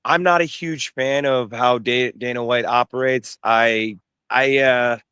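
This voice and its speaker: Young guy fighter chatting, bright smooth voice, dry close sound, lots of uh and restarts. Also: medium pitch, fairly even intonation, no echo. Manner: halting, many restarts and fillers. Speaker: bare-knuckle fighter, interview guest. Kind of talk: casual interview chat.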